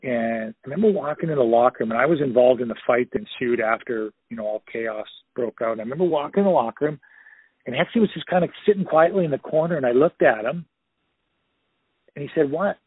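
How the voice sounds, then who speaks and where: A man's voice: medium pitch, fast, breathy edge, dry recording. A man in his fifties, a former hockey player, telling stories in an interview, rambling with lots of fillers over a phone line. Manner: rambling, many "you know" fillers, anecdotal. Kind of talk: casual storytelling interview.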